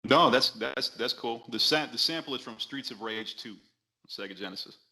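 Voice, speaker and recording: A man talking as a podcast guest in casual chat, relaxed and rambling with frequent restarts. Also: medium pitch, normal speed.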